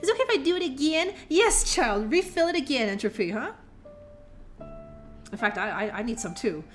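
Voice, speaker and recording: A woman's voice: sits high, very animated, brisk, soft background music. A woman streamer chatting to her viewers and reading a children's book aloud, rambling and laughing often, with playful swearing, a little tipsy. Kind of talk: casual live-stream chat and reading aloud.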